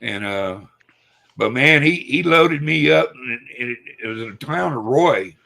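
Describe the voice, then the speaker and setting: Brief: gravelly, bright-toned man, folksy hunting storyteller. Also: medium pitch, animated, unhurried. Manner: folksy storyteller, acts out quoted people. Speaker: hunter telling a story. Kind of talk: casual chat.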